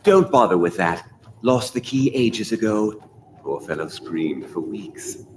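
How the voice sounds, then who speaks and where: A man's voice: lowish voice, expressive, a little slow, noisy background. An actor playing an arrogant, scornful male torturer in a video game. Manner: scornful, dismissive. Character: sneering male prisoner-torturer, dismissive and arrogant. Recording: game audio under loud music.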